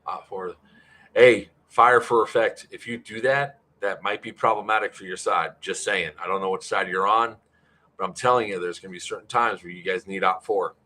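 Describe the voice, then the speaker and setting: Low-voiced man rambling through updates. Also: steady tone, moderate pace, pushed and bright. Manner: rambling, filler-heavy, answers chat. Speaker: airsoft event organizer. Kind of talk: casual livestream update.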